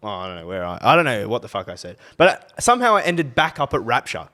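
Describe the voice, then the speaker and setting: A man's voice: medium pitch, very animated, quick pace, bright, forceful tone. A young Australian man co-hosting a podcast, telling a rambling, sweary story in casual chat. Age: young adult. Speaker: podcast co-host.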